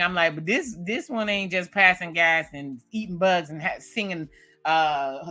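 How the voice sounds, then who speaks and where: A woman's voice: on the low side, lively intonation, measured pace, sharp tone, soft background music. A woman in her late thirties casually recapping a TV episode, animatedly acting out her own reactions to the scenes. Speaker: TV recap vlogger.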